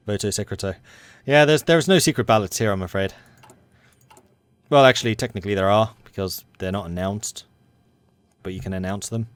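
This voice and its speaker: A man's voice: fairly low pitch, expressive, brisk, a bit bright, no echo. A man streaming a strategy game, reading the event text in a put-on American accent that slips now and then, with chatty asides to his viewers. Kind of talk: live gameplay commentary.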